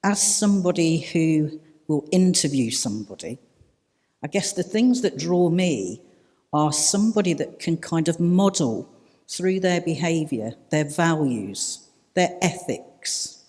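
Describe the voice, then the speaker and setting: A man's voice: fairly high pitch, lively intonation, takes it slowly, a little mellow. A man speaking thoughtfully on a panel in an event hall. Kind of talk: reflective panel talk. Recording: reverberant hall.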